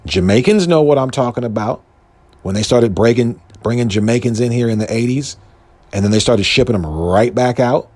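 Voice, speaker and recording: A man's voice: medium pitch, normal speed, darkish tone. A man, hosting a show and delivering a heated, emphatic commentary monologue in casual slang. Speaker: podcast host.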